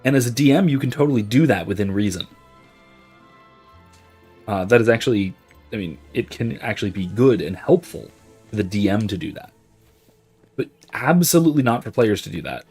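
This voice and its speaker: A man's voice: on the low side, expressive, fairly quick, pauses often, a little mellow, slightly rough, soft background music. A man hosting a gaming stream, rambling chattily and answering chat questions as he plays. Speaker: host. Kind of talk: casual commentary while playing a video game.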